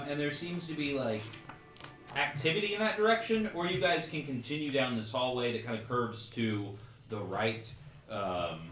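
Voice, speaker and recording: A man's voice: medium pitch, roomy sound. Rambling man running a tabletop game. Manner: casual and rambling, many fillers like "like" and "um". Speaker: game master.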